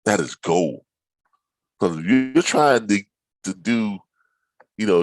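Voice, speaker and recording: A man, a logistics trainer walking viewers through a load board, animated and playfully dramatic with teasing asides. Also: low-pitched, no echo, rough recording. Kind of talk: screen-share tutorial talk.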